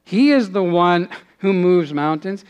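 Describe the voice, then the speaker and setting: A man delivers a sermon in a notably high, light voice. He preaches earnestly and sinks to a hushed tone in prayerful moments. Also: expressive, measured pace, clean tone, lo-fi sound. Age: adult, father has passed away. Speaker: pastor.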